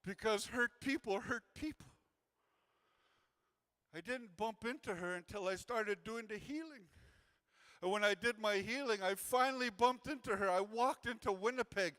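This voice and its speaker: A man's voice: high-pitched, normal speed, pushed and bright. A man giving an earnest personal storytelling talk as an invited speaker, repeating key phrases for weight. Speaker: invited speaker sharing his healing journey.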